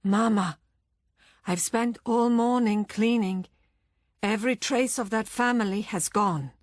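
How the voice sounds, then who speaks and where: A woman's voice: fairly high pitch, a little slow, no room sound, studio quality, pitched above the performer's own voice, lightly acted. A woman narrator voicing a distressed fifty-five-year-old woman speaking up for her mother, raised and urgent. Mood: pleading.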